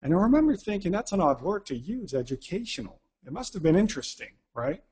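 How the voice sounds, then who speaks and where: A man's voice: high-pitched, very animated, fast talker, darkish tone, breathy edge. A man giving a talk, telling a self-deprecating story and acting out the quoted dialogue. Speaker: speaker.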